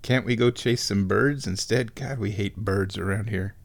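A grumpy house cat grumbles in a low, quiet voice, waving off any idea but chasing birds. A man puts her on in his own voice, only a touch deeper. She sounds more put-upon than fierce. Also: moderate pace, close to an everyday voice. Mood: grumbling. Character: grumpy female house cat, bird-hater.

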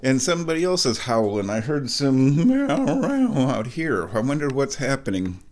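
A man hosting a casual vlog, talking slowly and playfully, now and then slipping into high baby talk, a bit stuffy from sinus trouble. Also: sing-song, darkish tone. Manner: slow, drawling and playful, with high baby talk to his cat. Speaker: vlog host.

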